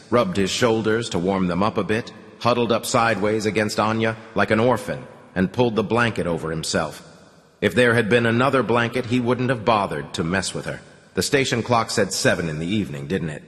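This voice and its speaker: Brief: somber male audiobook reader; low, measured, echoing. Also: a bit bright. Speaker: audiobook narrator. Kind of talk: scripted narration. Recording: long reverb.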